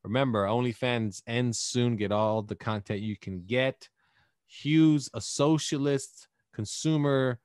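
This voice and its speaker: A man hosting a podcast in casual chat, animated and joking, often slipping into mock voices. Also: mid-range voice, unhurried, smooth, dry recording, clean studio sound. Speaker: podcast host.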